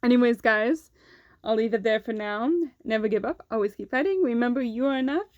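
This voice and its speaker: A woman's voice: on the high side, fairly quick, a little mellow, no room sound, dull audio. A young woman vlogger telling a personal story in a candid, casual way, swearing freely and saying "like" often.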